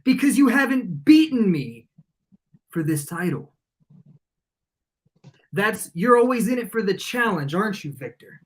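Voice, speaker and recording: A man, a wrestling guest, delivering a cocky, taunting promo that sinks into low menace. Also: big pitch swings, a little slow, pauses often.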